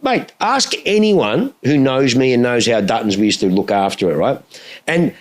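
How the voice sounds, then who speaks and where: Profane, animated man. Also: medium pitch, normal speed. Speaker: podcast host. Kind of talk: casual chat.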